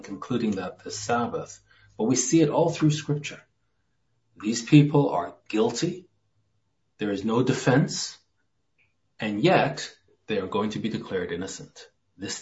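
Low-voiced man preaching in a muffled recording. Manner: earnest, quotes scripture with dramatic drops to a hush. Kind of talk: sermon, verse-by-verse Bible teaching.

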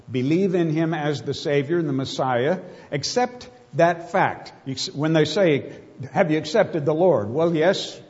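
A man's voice: fairly high pitch, a little mellow, muffled recording. Preacher man with a reverberant hall sound. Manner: emphatic, rhetorical questions, slow stresses on key words. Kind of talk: sermon.

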